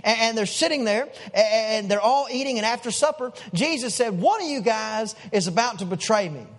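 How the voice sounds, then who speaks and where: A man preaching a sermon as pastor, telling Bible stories with animated acted-out lines. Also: high-pitched, normal speed. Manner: animated storytelling, acting out characters' lines.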